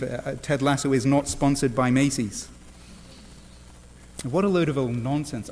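English preacher in a reverberant hall. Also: male voice, medium pitch, fairly even intonation, unhurried, long pauses, a little mellow. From England. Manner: earnest, wry asides, frequent "uh" fillers. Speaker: pastor. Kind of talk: sermon.

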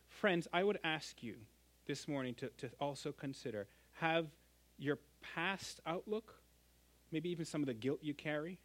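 A middle-aged man pastor preaching a sermon, earnest and emphatic, swinging from loud stresses to hushed endings. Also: mid-range voice.

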